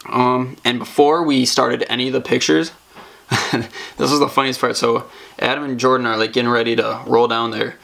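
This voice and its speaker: Gravelly young man telling stories. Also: medium pitch, level tone, normal speed, a bit bright. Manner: loose storytelling with many fillers and laughs. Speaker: podcast co-host. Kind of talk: casual podcast chat.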